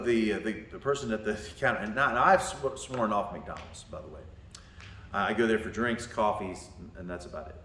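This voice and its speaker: A male martial arts instructor talking to his students, a lively storyteller who acts out voices and laughs often. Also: mid-range voice. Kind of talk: talk to students. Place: indoor training room. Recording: echoey room.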